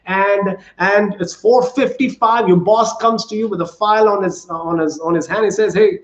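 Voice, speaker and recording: A man's voice: high voice, fairly even intonation, normal speed. A man preaching a sermon as pastor, earnest and repetitive, asking the congregation questions. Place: church sanctuary. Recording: echoey church room, dull lo-fi sound.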